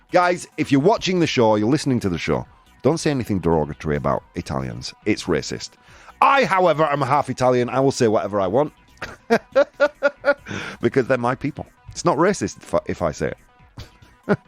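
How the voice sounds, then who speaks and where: A man's voice: medium pitch, wildly swooping pitch, normal speed, long pauses, soft background music. A man from the United Kingdom hosting a casual live-stream chat, reading viewer comments with a sarcastic, laughing manner. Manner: sarcastic, laughs at own jokes, chatty. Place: room with air conditioner running.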